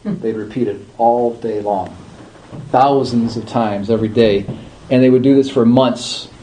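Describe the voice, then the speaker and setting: Man teaching a class, mellow tone, casual and chatty, slight background hiss. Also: mid-range voice, steady tone, rough recording. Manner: conversational, checks in with listeners, drawn-out chanted demonstrations. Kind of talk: informal class talk.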